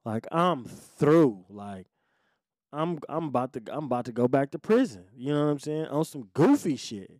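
A man hosting his own show, telling a story from his life in casual, profane street slang and swinging from low muttering to loud outbursts. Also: very animated, normal speed, dry recording, clean studio sound. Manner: profane street slang, acts out quoted voices.

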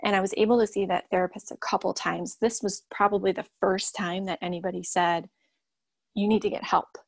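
A young woman, a mother, telling her own story in a halting, candid way with many pauses. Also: medium pitch, little pitch movement, vocal fry, no echo. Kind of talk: personal testimony.

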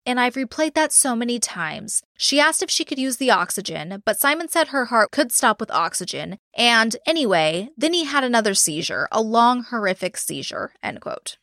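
A woman co-hosting a true-crime podcast, chatty and casual, who swears freely and drops in quick asides. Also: a little high, sing-song, fairly bright tone, no echo, clean studio sound. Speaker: podcast co-host.

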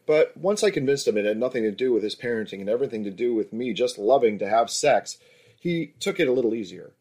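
A man's voice: medium pitch, animated, fast, a little mellow, slightly rough. Confident female escort, voiced by a man, frank, matter-of-fact, erotic story reading.

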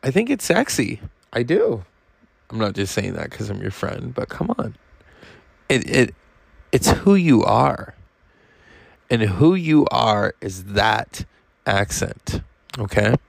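A man's voice: fairly low pitch, big pitch swings, slow, creaky, pauses often, no echo. A tired man hosting a podcast, talking in a casual, rambling monologue and swearing freely. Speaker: podcast host.

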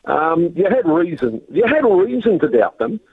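A man's voice: sits high, very animated, normal speed, husky. An Australian man calling in on a phone line to a sports radio show, teasing and rambling in casual chat. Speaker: sports news contributor.

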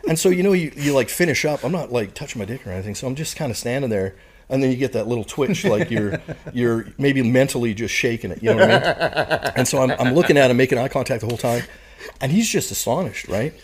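Husky-voiced man telling profane stories. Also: mid-range voice, animated, fast talker. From Canada. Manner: profane, laughing anecdotes with lots of "like" and "right?". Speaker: podcast guest, retired Marine. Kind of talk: casual storytelling.

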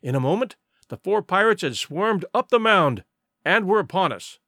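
Male narrator for an adventure audiobook; vivid and dramatic, lively pitch, dry sound. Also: normal speed, dry recording. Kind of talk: scripted storybook narration.

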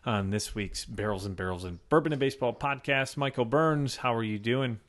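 A man talks a little fast in a mid-range, slightly bright voice while co-hosting a casual podcast at a desk mic. Joking, rambling and quick to laugh, he plays off his partner.

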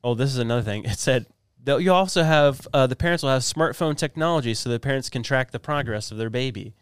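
Smooth-voiced man explaining on a podcast. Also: medium pitch, no echo, studio quality. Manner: explains topics eagerly, quick asides. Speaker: podcast co-host. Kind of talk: casual chat.

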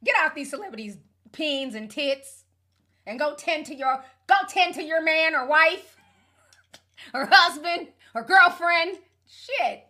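A woman's voice: sits high, expressive, unhurried, sharp tone. A woman hosting a casual gossip commentary show, talking bluntly with plenty of profanity and laughter.

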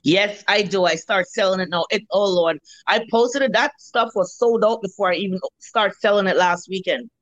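A Jamaican woman in her fifties talks about her cooking in a relaxed interview. She tells her stories with gusto, slips into other people's voices and curses casually. Her pitch sits in an ordinary middle range. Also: normal speed, hardly any pauses, dry recording, muffled recording. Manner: animated storyteller, acts out customers' voices, swears freely. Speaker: restaurant owner and cook.

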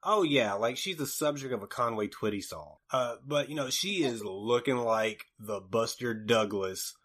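A man's voice: mid-range voice, normal speed, a bit bright. A man co-hosting a casual film podcast, rambling through jokes and asides with frequent profanity. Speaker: podcast co-host. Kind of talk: casual movie discussion.

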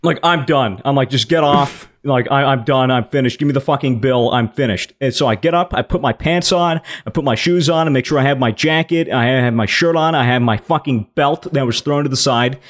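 A man's voice: mid-range voice, fairly quick, hardly any pauses. A young man bluntly telling his side of a drunken night out, swearing and stumbling over restarts. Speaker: podcast co-host telling a story. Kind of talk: casual storytelling chat.

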